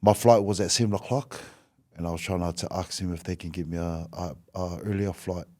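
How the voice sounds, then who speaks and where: A man's voice: sits low, fairly even intonation, fairly quick, mellow. A man in his thirties with a New Zealand accent, telling a story in casual chat as a podcast guest and acting out both sides of the talk, calling people bro. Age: 30s. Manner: acts out dialogue, says bro a lot.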